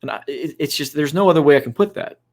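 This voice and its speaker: A man's voice: a little high, fast talker. A man co-hosting a casual podcast discussion, giving instructive advice with frequent fillers. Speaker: co-host.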